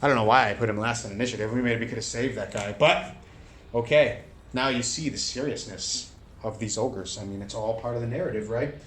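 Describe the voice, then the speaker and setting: A man narrating a solo tabletop game, rolling dice aloud and breaking into shouted play-by-play. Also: medium pitch, fairly quick, a little hiss or hum.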